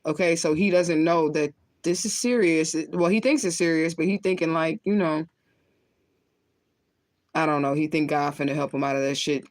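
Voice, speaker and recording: A woman's voice: low voice, moderate pace, dry recording. Rambling, cussing woman on a livestream. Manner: rambling, profane, laughs often; talks while lighting and smoking. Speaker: spiritual reader on a livestream. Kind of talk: casual livestream chat.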